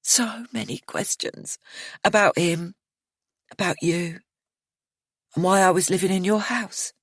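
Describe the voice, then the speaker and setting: A woman reading an audiobook voices a bitter, grieving young woman who drawls slowly and breaks into higher-pitched whispers. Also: dry recording, clean studio sound. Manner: slow drawling, whispered and shrill.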